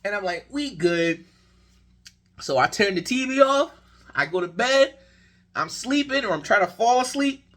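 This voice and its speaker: A man's voice: very high voice, lively intonation, moderate pace, fairly bright tone. A young man rambling through a basketball game recap in a casual vlog, telling the story with exasperation. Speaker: sports vlogger.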